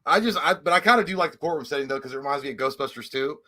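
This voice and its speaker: A man's voice: on the high side, very fast, pushed and bright. A man, co-hosting a casual chat and telling crude, joking stories full of acted-out quotes. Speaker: podcast co-host.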